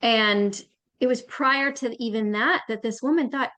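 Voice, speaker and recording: A woman's voice: on the high side, moderate pace, a bit bright. A woman hosting a podcast, asking questions and reflecting aloud in a conversational interview. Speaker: podcast host.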